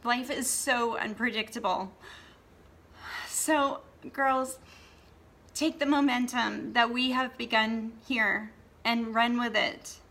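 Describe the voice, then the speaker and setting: Slow, bright-voiced motivational woman. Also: a little high, steady tone. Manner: earnest, repeats "okay?" for emphasis. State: tearful, emotional. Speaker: blogging course host. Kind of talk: motivational talk to camera.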